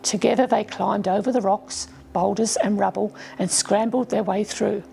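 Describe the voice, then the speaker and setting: A woman reading her own children's story aloud as a storyteller, gently voicing the children's lines. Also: mid-range voice, steady tone, moderate pace, vocal fry, soft background music. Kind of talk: storybook narration.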